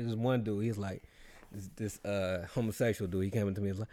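A man chatting casually, telling a personal story in relaxed slang and acting out other people's voices. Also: on the low side, a little fast. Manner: laid-back, slangy storytelling with animated quoted voices. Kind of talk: casual chat.

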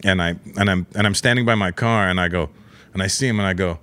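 A man hosting a podcast as a comedian, telling stories in a quick, animated way and swearing freely. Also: sits low. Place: studio in Los Angeles.

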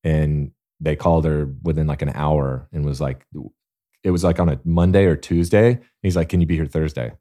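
Deep, mellow male athlete telling stories. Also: normal speed. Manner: earnest, animated storyteller. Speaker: guest, Olympic athlete. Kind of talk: casual interview storytelling.

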